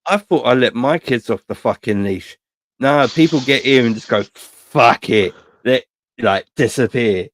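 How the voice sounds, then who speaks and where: A man, co-hosting a casual podcast chat, swearing freely as he rambles through animated anecdotes. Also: mid-range voice, moderate pace, dry recording. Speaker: podcast co-host.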